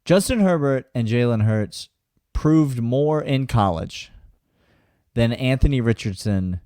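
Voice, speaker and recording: A man's voice: mid-range voice, animated, takes it slowly, warm tone, no room sound, studio quality. A man co-hosting a sports podcast, sarcastic and mock-serious. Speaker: podcast co-host. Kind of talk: casual sports chat.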